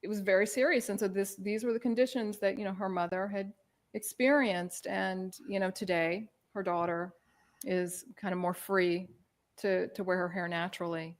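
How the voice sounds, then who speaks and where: A woman's voice: medium pitch, steady tone, moderate pace. A woman giving a conversational talk as presenter, loose and informal, with frequent filler phrases. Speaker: presenter on hair culture. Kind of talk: conversational lecture.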